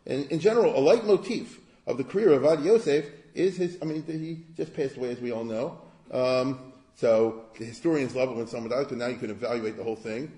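A man gives an informal history lecture, conversational and digressive, often asking rhetorical questions. His voice is mellow. The room gives noticeable echo. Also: medium pitch, a little fast.

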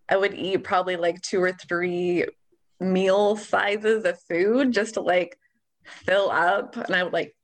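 A woman recalling her past in a casual group chat, rambling and chatty. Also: fairly low pitch.

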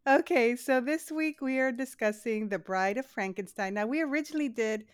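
A woman's voice: fairly high pitch, normal speed, clean tone, dry recording, clean studio sound. A woman co-hosting a casual podcast conversation. She jokes around and keeps restarting her sentences. She sounds loose and unscripted. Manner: playful, joking, self-interrupting. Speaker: podcast co-host. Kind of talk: casual chat.

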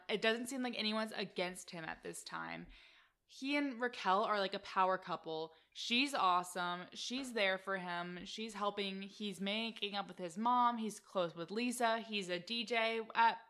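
Chatty young woman with a bright voice. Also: mid-range voice, normal speed. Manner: chatty, lots of "like", enthusiastic. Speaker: podcast co-host. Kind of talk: casual chat about a reality show.

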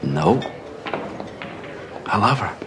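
A nervous, wry young boyfriend. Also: male voice, lowish voice, big pitch swings, extremely slow, music in the background, full character voice. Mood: nervous defiant. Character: young nervous but stubborn boyfriend, dry-witted. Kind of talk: TV drama acting. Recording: TV clip with background noise.

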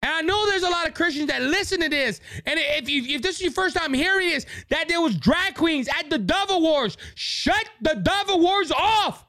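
Brief: male podcast host from Louisiana, high bright voice, preachy and fervent, dry close mic. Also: animated, moderate pace, few pauses, dry recording. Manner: preachy, fervent, repeats words when worked up. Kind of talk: impassioned political podcast monologue. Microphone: studio microphone.

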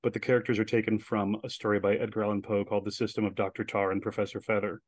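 A man guest telling stories in a casual interview, chatty and animated, with many filler words. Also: on the low side, racing, dry recording. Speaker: guest, director and writer.

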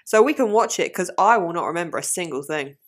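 A woman's voice: fairly low pitch, animated, fast talker. A woman chatting casually and teasingly with a partner about movies. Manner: playful, teasing banter. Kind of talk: casual chat.

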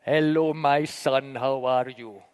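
A preacher voicing an older male archbishop mentor with a big, deep Nigerian accent, blunt and fatherly, in a reverberant hall. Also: fairly even intonation, slow pace, clear, resonant tone, close to an everyday voice. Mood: gentle. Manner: stern, then fatherly and reassuring.

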